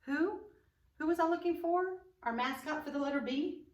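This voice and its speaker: A woman teaching preschoolers over video, using a lively, sing-song voice for small children. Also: high voice, normal speed. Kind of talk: online preschool lesson. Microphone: camera mic. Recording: roomy sound, a bit far from the mic.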